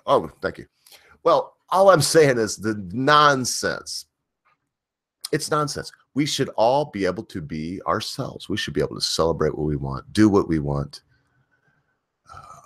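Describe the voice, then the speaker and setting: Low-voiced man ranting on a livestream. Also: fairly bright tone, no room sound, studio quality. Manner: rambling, emphatic, with slow drawn-out stretches. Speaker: livestream host. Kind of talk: opinionated livestream rant.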